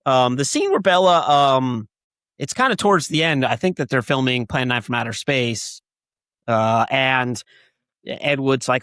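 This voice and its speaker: A man co-hosting a casual movie podcast at a mid-range pitch. He speaks haltingly, leaning on fillers and restarting his sentences, and he breaks into put-on voices to act out quotes. The sound is dry and close. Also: lively intonation, fairly bright tone, clean tone, dry recording. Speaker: podcast co-host.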